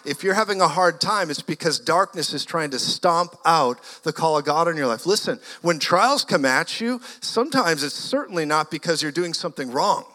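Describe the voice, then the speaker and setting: A man delivers an animated sermon, swinging from hushed storytelling to loud declarations. His voice is bright and forceful, sitting a bit high for a man. It rings out with the long reverb of a church hall. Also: moderate pace, few pauses. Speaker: guest preacher. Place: church sanctuary.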